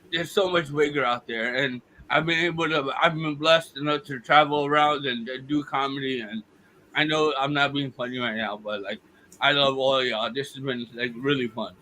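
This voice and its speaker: A man's voice: on the high side, sharp tone, slight background noise. A comedian from Texas doing a short stand-up set over video call, swearing freely and laughing through his story. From Texas, United States.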